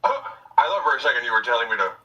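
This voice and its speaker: A man playing a tabletop game in a playful, animated way. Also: medium pitch, racing, lo-fi sound, background noise. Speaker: player. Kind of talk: casual tabletop play. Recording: distant with faint music.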